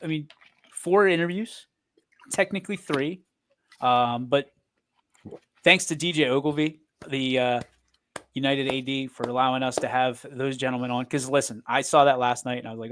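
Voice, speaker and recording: A man's voice: medium pitch, fairly even intonation, moderate pace, fairly bright tone, a little hiss or hum. A man co-hosting a sports show, bantering casually, rambling and teasing his partner. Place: streaming studio.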